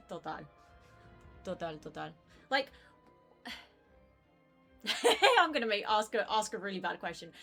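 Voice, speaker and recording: A woman's voice: on the high side, fairly bright tone. A woman in her twenties chatting casually while streaming a game, rambling with many fillers. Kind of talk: casual gaming stream chat.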